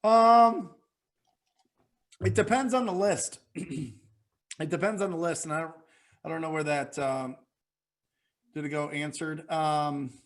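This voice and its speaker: A man coaching real estate investors in a webinar Q&A, energetic and motivational, often repeating phrases for emphasis. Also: fairly high pitch, measured pace, pauses often. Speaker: real estate wholesaling mentor, webinar guest.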